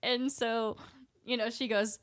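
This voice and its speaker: A woman's voice: a little high, little pitch movement, a little slow. A woman co-hosting a podcast, chatty and giggly as she tells stories and signs off. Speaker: podcast co-host. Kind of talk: casual chat.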